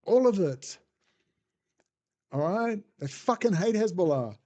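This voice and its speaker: A man's voice: high voice, animated, slow, darkish tone. A man hosting a casual livestream, rambling and bluntly answering chat messages as he goes. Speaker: livestream host reading chat.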